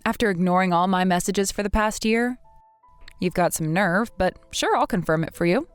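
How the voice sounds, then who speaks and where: A woman's voice: mid-range voice, moderate pace, clean tone, no room sound, soft background music, lightly acted. A woman voicing a fed-up young woman who stands up to a snobbish rival in a text-message drama, in a firm and indignant manner.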